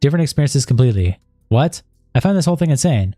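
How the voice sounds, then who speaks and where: A man's voice: mid-range voice, sing-song, quick pace, mellow, no room sound, studio quality, faint music behind. A man on a stream, reading a chat log aloud and breaking in with asides of disbelief.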